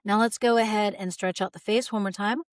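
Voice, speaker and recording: Calm woman voice coach, dry sound. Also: mid-range voice, fairly quick, no room sound. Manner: calm, gently guiding, models sighs and open "ah" sounds. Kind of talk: guided vocal exercise instruction.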